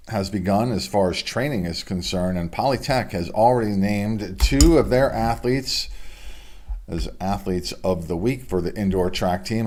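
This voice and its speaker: Deep-voiced man reading local sports news. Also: darkish tone. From United States. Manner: chatty, offhand asides between announcements. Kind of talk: casual local sports report. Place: home studio.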